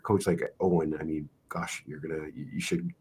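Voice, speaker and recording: A middle-aged man hosting a sports podcast, telling stories in a rambling, halting way with many fillers. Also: rumbling low, very animated, a little mellow, slight background noise. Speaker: podcast host and wrestling coach. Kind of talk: podcast interview.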